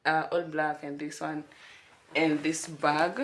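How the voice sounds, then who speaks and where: Mixing Swahili into her English, a young vlogger talks casually at a slow pace in a deep voice. When something excites her, she gets bubbly and starts giggling.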